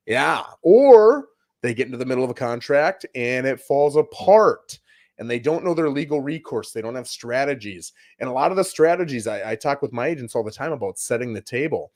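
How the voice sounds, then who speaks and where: A man talks through home-selling advice in a relaxed chat. His pitch rises and falls a lot, and he slips into quick voices for his clients. He sounds like a broker speaking from experience. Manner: animated, acts out client quotes. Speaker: real estate broker co-host.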